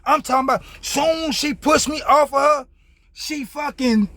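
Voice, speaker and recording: A man's voice: very high voice, a little slow, creaky, sharp tone, dry recording. A young man telling a casual, profane story in loose street slang as a vlogger.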